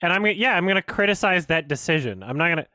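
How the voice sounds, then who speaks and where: A man's voice: sits high, expressive, rapid-fire, bright, forceful tone, no echo. A man giving exasperated, swearing stream commentary as a film critic, laughing often.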